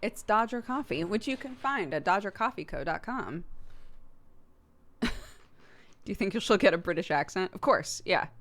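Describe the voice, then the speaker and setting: A woman's voice: medium pitch, animated, moderate pace, long pauses, fairly bright tone. A young American woman hosting a casual livestream, chatting to her viewers and laughing often. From United States. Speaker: livestream host.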